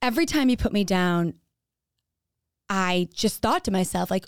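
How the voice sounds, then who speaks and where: A woman speaks candidly to the listener with a gravelly, fry-laden voice. The sound is dry and close, with no room around it. Her manner is casual and frank, full of swearing and "like". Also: mid-range voice, lively intonation, normal speed, no echo. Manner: frank, casual, swears freely, uses "like" often. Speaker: podcast speaker. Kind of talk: candid personal storytelling.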